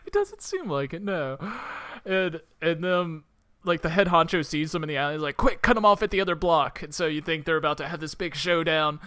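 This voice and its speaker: Bright-voiced man, laughing film podcaster. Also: a little high, animated, clear, resonant tone, no echo. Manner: laughs often, retells scenes in quick put-on quotes. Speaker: podcast co-host. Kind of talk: casual film chat.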